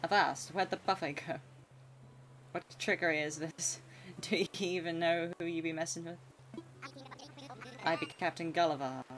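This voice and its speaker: A woman's voice: lowish voice, steady tone, slow, sharp tone, a little hiss or hum. A woman streamer voicing a bumbling, boastful male seagull pirate with a hammy pirate accent, reading game dialogue aloud.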